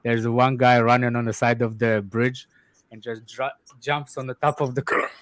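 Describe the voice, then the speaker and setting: A man's voice: medium pitch, flat delivery, moderate pace, fairly bright tone. A man chatting casually about football, often restarting his sentences. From Russia. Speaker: co-host in watchalong. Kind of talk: casual chat.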